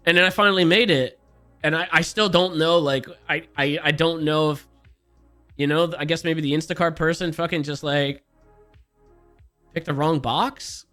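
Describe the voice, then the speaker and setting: A man's voice: fairly high pitch, steady tone, normal speed, pauses often, bright, forceful tone, faint music behind. A man streaming, telling a rambling, profane story in an exasperated, self-mocking way and laughing at himself.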